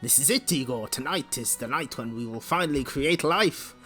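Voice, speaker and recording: A man's voice: mid-range voice, animated, moderate pace, bright, forceful tone, soft background music. A man voicing a pompous male mad scientist who speaks in a theatrical, grandiose way. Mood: scheming.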